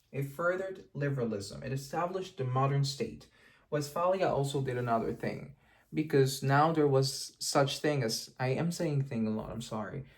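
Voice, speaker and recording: Speaking with a gravelly voice at medium pitch, a history lecturer and channel host explains history casually. He chats, digresses, pauses for jokes, and fixes his own mistakes as he talks.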